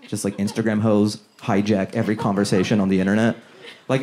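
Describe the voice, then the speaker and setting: A male stand-up comedian performing a routine on stage, telling exasperated stories and slipping into voices for the people in them. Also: fairly low pitch. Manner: animated, exasperated storytelling with voiced characters. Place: comedy stage before a live audience. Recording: live set with loud crowd noise.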